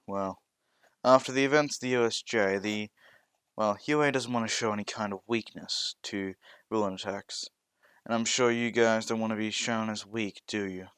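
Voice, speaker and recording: A man's voice: on the low side, steady tone, normal speed, fairly bright tone, clear, resonant tone, dry recording, clean studio sound, close to an everyday voice. A man voicing a strict adult male teacher lecturing his class in a fan-made audio story. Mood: stern.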